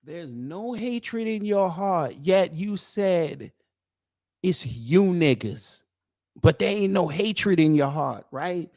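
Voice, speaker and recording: A man's voice: high-pitched, animated, slow, a little mellow, no room sound, clean studio sound. A man from the United States giving a reaction commentary, incredulous and mocking as he talks. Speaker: YouTube commentator.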